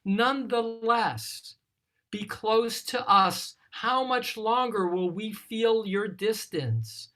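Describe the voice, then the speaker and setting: A teacher leading a text study, explaining scripture in a deliberate, thoughtful way and lingering on single words. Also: medium pitch, fairly bright tone. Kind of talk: slow explanatory scripture lesson.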